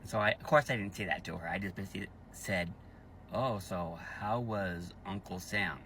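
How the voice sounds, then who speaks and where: Man, personal vlog story, slow deliberate delivery, tense bright tone, repeats for emphasis. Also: on the low side, slight background noise. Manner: angry outbursts and voice rising on key points. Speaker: YouTuber telling a family story.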